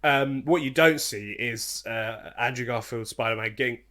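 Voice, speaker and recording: A man's voice: mid-range voice, normal speed, pushed and bright. A man co-hosting a casual film podcast, laughing often and talking loosely with plenty of swearing. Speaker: podcast co-host.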